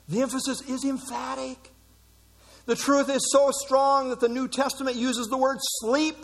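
A middle-aged man preaching a sermon, emphatic, with dramatic pauses. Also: very high voice. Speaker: pastor.

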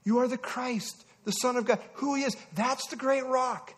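A man preaching a sermon to a congregation, emphatic and animated, often restarting his phrases. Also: very high-pitched, normal speed.

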